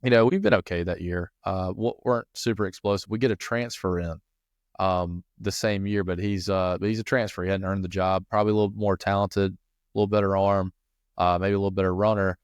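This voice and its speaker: A man's voice: low voice, steady tone, fairly quick, clean tone, no room sound, clean studio sound. A man, co-hosting a football coaching podcast in a casual chat, rambling through stories with plenty of restarts and fillers.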